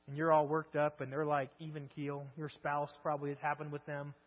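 A man's voice: on the high side, completely flat delivery, normal speed. A male preacher giving a sermon, telling the story in a conversational way with many rhetorical questions. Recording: echoey hall, dull lo-fi sound, mains hum.

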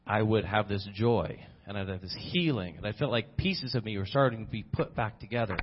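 A man's voice: fairly low pitch, fairly quick, slight background noise. Earnest man preaching, muffled recording. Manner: earnest, personal testimony with frequent restarts. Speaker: missionary preacher. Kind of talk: sermon. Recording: dull lo-fi sermon recording.

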